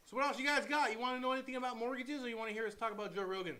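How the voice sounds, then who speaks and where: A man co-hosting a casual podcast, relaxed and joking, chiming in with short remarks. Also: very high-pitched, very fast, noisy background. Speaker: podcast co-host. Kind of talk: casual chat.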